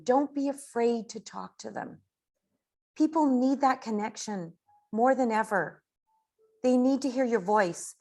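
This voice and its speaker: A woman giving a casual coaching talk on network marketing, chatty and animated. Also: fairly high pitch, measured pace. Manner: chatty, animated, acts out quoted dialogue.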